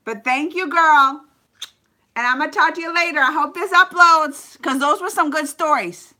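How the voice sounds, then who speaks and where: Speaking at a moderate pace in a high-pitched voice, a woman streams live and casually, spinning animated stories and greeting her viewers by name.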